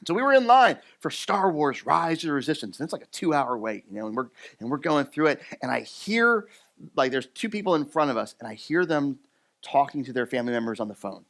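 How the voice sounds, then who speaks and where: A man with a slightly high voice preaching a sermon in a relaxed, chatty tone. He tells his stories animatedly, trips over his words and restarts them. He is a pastor from the US East Coast. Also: brisk, gravelly. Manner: animated storytelling with lots of fillers and restarts. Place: church.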